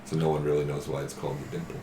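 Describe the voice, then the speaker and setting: A man at a tabletop game who talks in a relaxed, conversational way. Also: very deep voice, racing, background noise. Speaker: player. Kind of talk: casual chat. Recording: echoey room with chatter behind.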